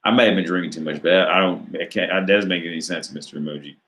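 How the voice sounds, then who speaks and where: Speaking fast in a low, slightly bright voice, an American man hosts a live dating Q&A in a roomy-sounding space. He reads questions from viewers and answers with rambling, profanity, and lots of fillers.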